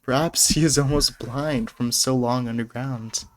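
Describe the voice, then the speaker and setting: A young man reads an interactive gamebook aloud at a slow, easy pace, his voice sitting in an ordinary middle pitch. He keeps breaking off from the text into rambling, excited asides. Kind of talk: casual let's-play narration.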